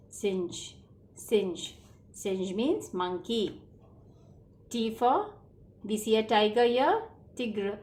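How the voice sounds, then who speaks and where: A woman teaches French to children, spelling out letters and repeating each word patiently. She talks slowly, and her pitch swings up and down in a lively way. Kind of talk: classroom lesson for children.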